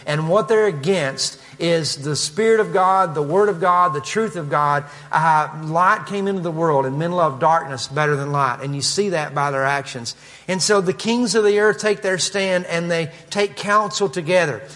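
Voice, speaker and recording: A man's voice: on the high side, moderate pace, hardly any pauses, fairly bright tone, in a large hall. A man with a Kentucky accent preaching a conversational expository sermon, with asides and frequent fillers. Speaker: pastor.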